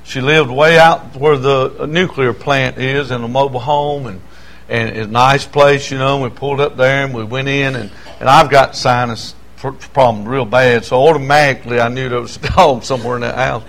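A man's voice: mid-range voice, fairly even intonation, moderate pace, vocal fry, fairly bright tone. An older man preaching a sermon, telling folksy stories with many stammering restarts. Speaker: pastor.

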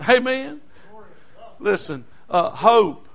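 A man, preaching a sermon in a folksy, animated way with homespun asides. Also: high voice, extremely slow, creaky. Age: 60s.

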